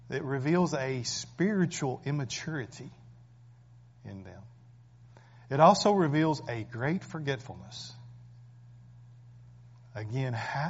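A man's voice: fairly high pitch, a little mellow. A man preaching a sermon, emphatic and full of rhetorical questions. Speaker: pastor. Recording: dull lo-fi recording.

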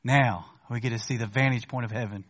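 A man preaching a sermon in a church, talking conversationally to the congregation and rising to emphatic questions before dropping to quiet asides. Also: medium pitch, fairly even intonation, a little fast. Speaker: pastor.

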